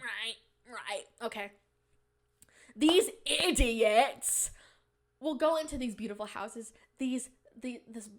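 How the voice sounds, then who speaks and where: Lady podcast host, kinda high voice, rambly and giggly, goes off on playful rants. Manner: giggly, chatty, mock-indignant rants. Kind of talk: casual rambling chat.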